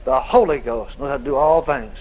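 A preacher voicing the Spirit of God, calmly instructing. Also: male voice, mid-range voice, brisk, muffled recording, pitched below the performer's own voice, close to an everyday voice.

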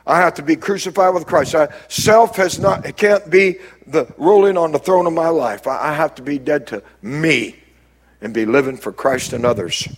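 A man preaches a sermon in a husky, slightly high voice. He swings between hushed, low passages and emphatic, raised lines. He speaks as a pastor addressing his congregation. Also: moderate pace.

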